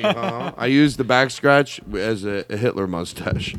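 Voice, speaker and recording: A man's voice: medium pitch, sing-song, unhurried. Male comedy podcast host, rambling, profane riffing over guitar music. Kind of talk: improvised comedy banter.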